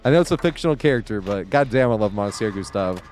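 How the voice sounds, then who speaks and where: A man's voice: lowish voice, animated, fast, a little mellow. Rambling, cussing male game streamer. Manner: rambling, profane, chuckles often. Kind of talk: casual live-stream chat while gaming.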